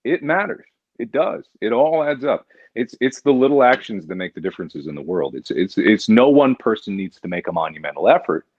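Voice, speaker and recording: Animated man hosting a charity stream. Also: brisk, dry recording, dull audio. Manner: animated, jokey, jumps into high exaggerated outbursts. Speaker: livestream host. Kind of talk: casual charity livestream chat.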